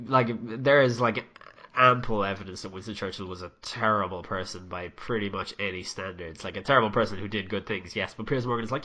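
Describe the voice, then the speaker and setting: A man's voice: fairly low pitch, a little fast. A young man ranting and swearing his way through casual podcast chat. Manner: swears a lot, ranting and animated. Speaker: podcast co-host.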